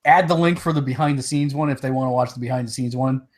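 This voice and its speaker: Talking fast in a medium-pitched voice, a man co-hosts a gaming podcast in casual, loose conversation. He has the hiccups and laughs easily.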